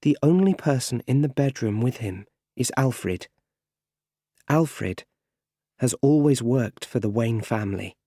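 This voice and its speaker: A man narrating an audiobook in slow, plain storytelling. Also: medium pitch, lively intonation, mellow, no echo, clean studio sound.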